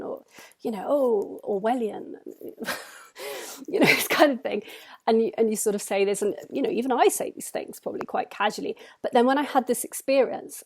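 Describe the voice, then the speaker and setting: A woman writer speaking in a personal reflection, thoughtful and measured, pausing often to gather her words. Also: mid-range voice, a little mellow. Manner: thoughtful, measured, frequent hesitations.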